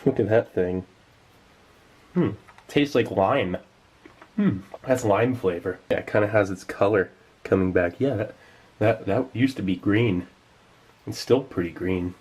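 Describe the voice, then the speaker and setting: A man's voice: on the low side, measured pace, pauses often, darkish tone, slightly rough. A man giving casual, enthusiastic commentary while tasting old rations, sometimes talking with his mouth full. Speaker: food tasting vlogger.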